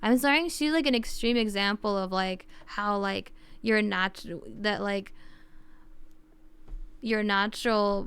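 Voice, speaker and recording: Rambling streamer woman, gravelly edge. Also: medium pitch, no echo. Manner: rambling, thinking aloud with many fillers. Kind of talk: casual livestream chat.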